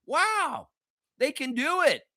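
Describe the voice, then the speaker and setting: A man's voice: sits high, lively intonation, normal speed, pushed and bright, no room sound, studio quality. A man hosting a live basketball reaction show, ranting heatedly and profanely at the players. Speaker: sports reaction host.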